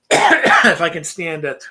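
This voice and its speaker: A man's voice: on the high side, huge pitch swings, very slow, sharp tone, slightly rough. A man co-hosting a casual podcast chat, joking and swearing freely. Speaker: podcast co-host.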